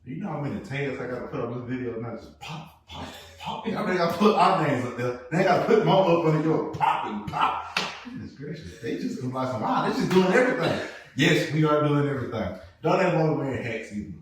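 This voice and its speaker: A man hosts a loose podcast chat, his voice sitting a bit high and swinging widely as he acts out stories. He laughs often. He sounds set back from the mic in a very echoey room. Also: brisk, recorded from a distance, slight background noise. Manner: animated storytelling, laughing often. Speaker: podcast host. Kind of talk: casual chat.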